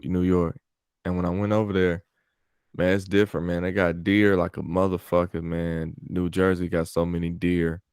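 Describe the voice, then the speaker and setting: A young man from California with a deep, low voice tells stories in a loose, rambling way. He swears freely and keeps restarting his sentences. The sound is dry and close, with no room around it. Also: smooth, no room sound. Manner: rambling, profane, lots of fillers and restarts. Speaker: podcast host. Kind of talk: casual storytelling chat. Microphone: call audio.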